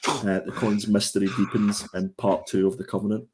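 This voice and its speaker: A man's voice: lowish voice, level tone, a little fast, background noise. A man hosting a comic review show, chatting casually with fillers and laughs. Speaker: podcast host. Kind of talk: casual chat.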